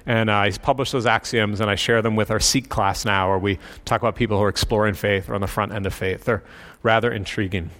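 A man's voice: fairly low pitch, fast. Conversational man preaching a sermon. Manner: conversational, relaxed storyteller with fillers. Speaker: pastor. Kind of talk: sermon storytelling.

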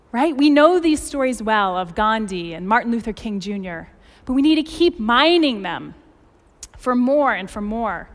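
A woman in her forties preaching a sermon, telling stories with lively emphasis. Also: fairly high pitch. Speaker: pastor. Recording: long hall reverb.

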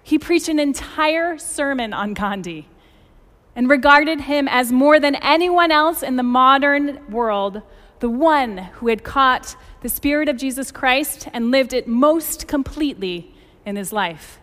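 A woman in her forties preaching a sermon, telling stories with lively emphasis. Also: sits high, measured pace. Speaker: pastor. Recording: long hall reverb.

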